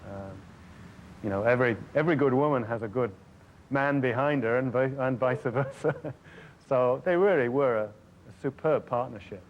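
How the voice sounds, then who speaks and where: A man's voice: mid-range voice, normal speed. A man speaking in a casual interview, hesitant and full of restarts. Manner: hesitant, many fillers and restarts. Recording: dull lo-fi recording with faint ambience.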